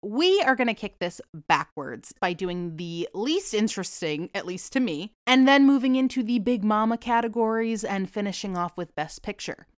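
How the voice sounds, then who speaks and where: Young woman podcast host with a light Boston accent, fast and rambling, swears casually, smooth clear tone. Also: mid-range voice, animated, no echo, studio quality. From New England. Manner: rambling, fast-talking, profane and self-deprecating. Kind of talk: casual solo podcast chat.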